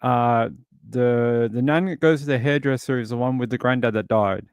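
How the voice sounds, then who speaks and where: Australian male streamer, mid-pitched, chatty rambling delivery, dry close sound, casual viewer chat. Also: normal speed, clean tone, no room sound. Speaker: livestream host.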